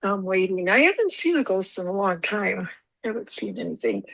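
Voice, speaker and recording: A woman guest on a podcast, telling a personal story in a rambling, animated way and repeating herself often. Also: medium pitch, fairly quick, gravelly, low-quality recording.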